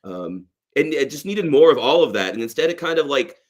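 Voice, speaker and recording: A man's voice: medium pitch, brisk, dull audio. Chatty man reviewing a movie. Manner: animated, acts out quoted lines with a raised voice. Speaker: podcast co-host. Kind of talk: casual movie review chat.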